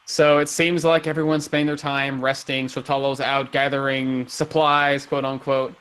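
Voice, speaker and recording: A man running a tabletop game as game master, narrating scenes in a relaxed, descriptive way. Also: mid-range voice, moderate pace, clean tone.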